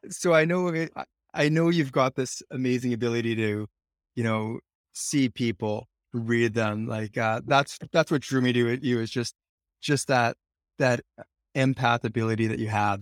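A man speaking as a podcast guest, explaining ideas in a reflective, unhurried way with pauses. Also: medium pitch, steady tone, dry recording, studio quality. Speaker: podcast guest on money mindset. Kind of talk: casual podcast conversation.

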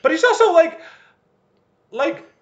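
A man's voice: very high-pitched, lively intonation, unhurried, fairly bright tone, echoey room, muffled recording. A man co-hosting a casual podcast chat, sweary and jokey, retelling TV scenes with the characters' lines. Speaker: podcast co-host. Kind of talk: casual chat recapping a TV episode.

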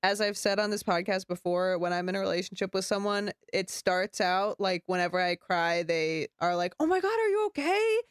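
A young woman co-hosting a podcast in casual chat, animated and rambling quickly. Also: fairly low pitch, clean tone, no echo, clean studio sound. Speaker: podcast co-host.

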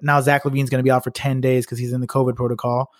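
Young male podcast co-host, quick casual talker, dry close sound. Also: medium pitch, flat delivery, no echo. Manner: fast, loose, swears casually. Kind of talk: casual sports chat.

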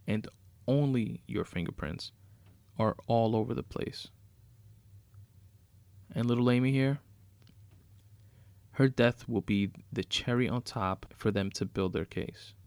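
A man's voice: mid-range voice, fairly even intonation, a little slow, long pauses, no room sound, natural voice. A man voicing a cold, scheming male escaped prisoner who gloats over framing someone. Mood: gloating. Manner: gloating, smug.

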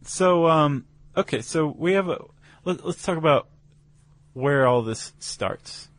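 A man's voice: a little high, lively intonation, slow, dry recording. Man chatting casually about science. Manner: explaining with fillers and restarts. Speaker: podcast co-host.

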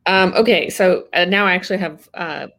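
A woman with a slightly low voice asks movie trivia questions. She talks in a loose, chatty way with an "um" here and there. She sounds like a host leading a friendly quiz. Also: fairly quick, a bit bright. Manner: quizzing, conversational with fillers. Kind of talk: casual trivia chat.

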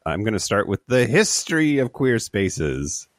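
Deep guy rambling on a podcast, sick, voice goes all over, dry close mic. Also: sing-song, unhurried, dry recording. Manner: rambling, repeats words while explaining. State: sick with covid. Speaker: podcast co-host. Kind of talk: casual chat. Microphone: remote recording.

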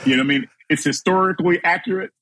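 A man's voice: sits high, rapid-fire, sharp tone. A man, a guest on a podcast, chatting in an easygoing way and laughing along. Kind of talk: casual interview chat.

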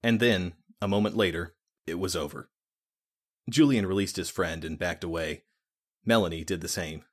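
A man narrating a fantasy audiobook in a steady, measured reading voice. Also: low voice.

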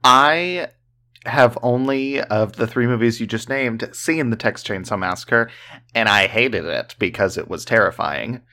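A podcast co-host in a relaxed casual chat, dropping wry asides. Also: medium pitch, measured pace.

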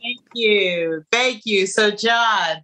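A woman's voice: medium pitch, extremely slow, noisy background. A woman hosting a podcast about actors, chatting casually and joking as she runs the segment. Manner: breezy, joking, directs the segment. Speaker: podcast host. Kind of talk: casual chat.

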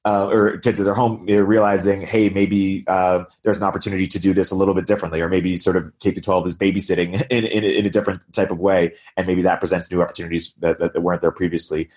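A man interviewing a guest, asking questions in a halting way with many restarts. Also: sits low, flat delivery, darkish tone. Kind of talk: conversational interview.

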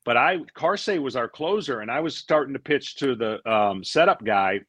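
Middle-aged guy spinning a long story, lively, restarts a lot, dry close sound. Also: medium pitch, moderate pace, breathy edge, no room sound. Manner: animated storyteller, acts out quotes, repeats words. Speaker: guest, former pitcher. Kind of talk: casual storytelling interview.

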